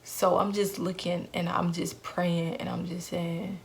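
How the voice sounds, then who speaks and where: A woman's voice: fairly low pitch, flat delivery, a little slow, vocal fry, slight background noise. A young woman vlogger telling a painful personal story in an earnest way, repeating phrases for emphasis.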